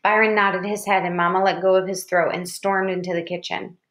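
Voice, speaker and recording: A woman reading a novel aloud in a steady storytelling manner. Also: fairly low pitch, brisk. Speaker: reader.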